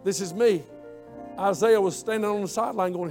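Male preacher, high-pitched, impassioned and repetitive delivery, faint music behind. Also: brisk, a little mellow. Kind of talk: sermon.

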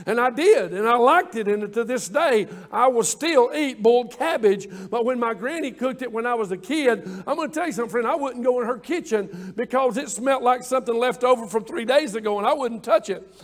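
A man preaching an evening sermon in a folksy way, stretching key words and building to loud exclamations. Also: very high voice, lively intonation, a little fast.

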